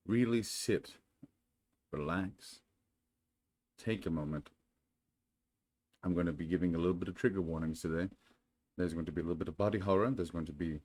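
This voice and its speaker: Low-voiced, soothing male storyteller. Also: darkish tone. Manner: soothing, unhurried, calls his voice sonorous. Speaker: channel host. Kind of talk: casual chat, then storybook reading.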